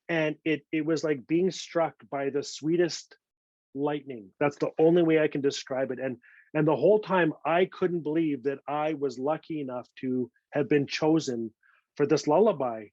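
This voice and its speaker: Earnest guy telling a story, kinda high voice, dry dull lo-fi sound. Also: steady tone, measured pace, a little mellow, no echo. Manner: earnest, repeats words, restarts often. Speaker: author speaking at a literary event. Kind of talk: storytelling talk.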